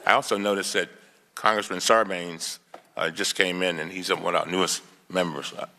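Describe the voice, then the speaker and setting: A lower-pitched man speaks as a congressman at a desk microphone, his voice bright and forceful. He delivers a formal hearing statement with emphatic stresses, reading quotations aloud. The large hearing room adds a long, echoing reverb. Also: steady tone, normal speed.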